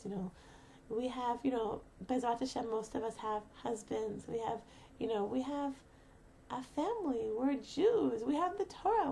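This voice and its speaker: A woman's voice: high-pitched, creaky, dark tone, slight background noise. A woman giving a heartfelt motivational talk to mothers, earnest and emotional, rambling with many fillers and restarts.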